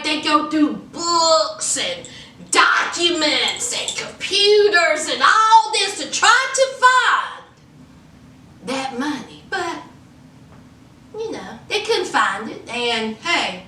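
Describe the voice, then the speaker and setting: A woman's voice: high-pitched, lively intonation, slow pace, pushed and bright, reverberant, far from the mic. A woman retelling a movie plot in a casual, sassy way, full of chatty asides. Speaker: movie reviewer.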